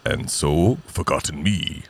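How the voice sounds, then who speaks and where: A man doing an impression of a deep-voiced, solemn male lion king spirit from an animated film, speaking slowly and gravely. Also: a little hiss or hum, exaggerated voice.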